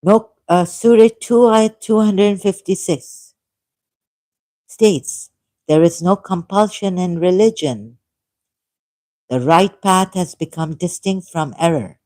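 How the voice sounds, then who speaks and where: A channel host reads a piece of text and adds her own commentary in a casual vlog. Her voice is low and mellow, her pace slow and deliberate, and she breaks off occasionally to apologize. The recording is dry and close-miked, made in a dim room.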